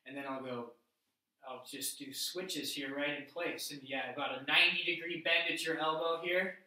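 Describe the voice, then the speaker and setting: A fitness instructor demonstrates a workout, explaining each move step by step in a bright, fairly high voice with a steady tone and moderate pace. He stands far from the mic in a very echoey room.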